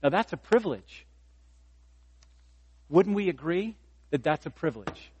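With a sing-song, somewhat mellow voice on the high side, a pastor in his fifties preaches a little slowly and conversationally, getting louder to make points and teasing himself. The audio is poor, with slight background noise.

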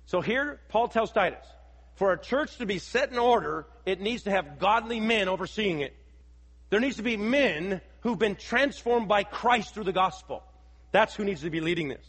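A man's voice: high voice, very animated, normal speed, a bit bright, slightly rough, long reverb tail. A man preaching a sermon, with emphatic repetition and rhetorical questions to his congregation. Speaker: pastor.

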